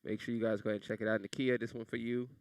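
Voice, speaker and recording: A man's voice: mid-range voice, flat delivery, rapid-fire, smooth, no echo. A man hosting a podcast, laid-back and joking, plugging the show. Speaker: podcast host. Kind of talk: casual podcast chat.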